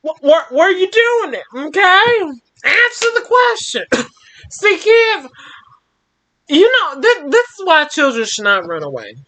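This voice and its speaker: A young adult woman hosting a story time, reading a fan story aloud and breaking off with expressive commentary. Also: high-pitched, measured pace, long pauses.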